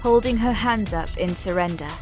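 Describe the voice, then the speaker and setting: A woman narrating a sci-fi story in a measured, dramatic reading. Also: mid-range voice, over music. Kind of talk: scripted audiobook narration.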